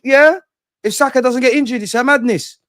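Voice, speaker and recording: Fan-channel host, young man, animated and exasperated, high-pitched, dry. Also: a little fast, no echo. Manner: animated, profane, exasperated ranting. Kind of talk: ranting fan commentary.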